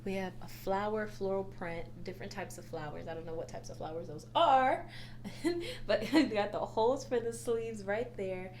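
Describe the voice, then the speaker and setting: A woman's voice: mid-range voice, normal speed, a little mellow, a little hiss or hum. A young woman chatting casually about her thrift haul for resale, gushing and laughing often. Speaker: reseller vlogger. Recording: echoey room.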